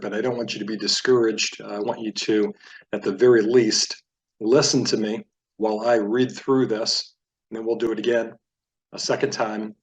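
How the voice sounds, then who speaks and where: A man teaches a beginner reading lesson in a steady mid-range voice. He explains each sound patiently and step by step. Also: medium pitch. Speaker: Hebrew teacher.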